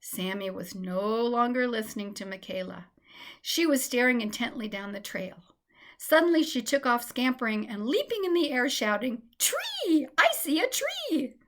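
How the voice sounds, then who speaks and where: A woman narrates a children's story with a gentle, expressive delivery. Her voice sits a little high for a woman, and her reading is clear and steady. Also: moderate pace.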